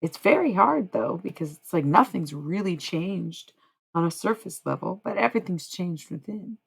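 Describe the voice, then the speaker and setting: A woman with a low, husky voice full of gravelly fry chats loosely on her livestream. She rambles, swears casually and lets her sentences trail off into "blah, blah" filler. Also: expressive, normal speed. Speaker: livestream host.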